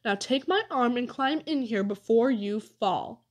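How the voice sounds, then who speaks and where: Woman reading as a bossy boy leader, curt commanding tone, fairly high voice. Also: measured pace.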